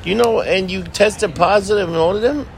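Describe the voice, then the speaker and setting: A man's voice: high-pitched, normal speed, vocal fry. A man in casual chat who exclaims, swears and repeats himself. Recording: crowd noise behind.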